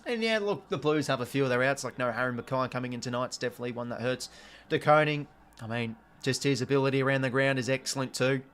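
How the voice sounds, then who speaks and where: A young Australian guy hosts a live watch-along, calling the match in a casual way with excitable bursts and the occasional mild swear. His voice sits at a medium pitch and he talks fast.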